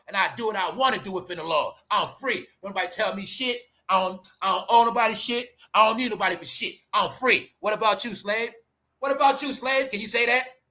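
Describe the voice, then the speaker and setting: Man, high-pitched, bright tense tone, confrontational commentary, mocking, repetitive, near-shouting. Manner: raises voice to near shouting at times. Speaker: channel host. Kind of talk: ranting commentary to viewers.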